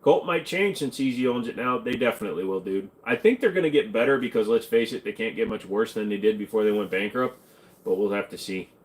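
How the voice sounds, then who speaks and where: A man's voice: on the low side, animated, quick pace. A man hosting a casual livestream Q&A, reading chat questions aloud and answering them in a jokey, offhand way.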